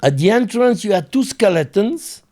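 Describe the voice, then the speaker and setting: A man with a French accent, a native French speaker, telling a story as an interview guest in an animated way and pausing to search for English words. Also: high-pitched.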